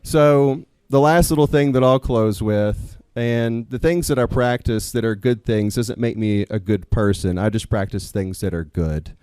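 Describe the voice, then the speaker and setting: Male storyteller, warm low timbre, dry close mic, animated then earnest. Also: a little slow, few pauses, clean tone, no echo. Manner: animated, swears when quoting students, earnest at close. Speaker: storyteller, teacher and coach. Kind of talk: personal story told live on stage. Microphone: stage microphone.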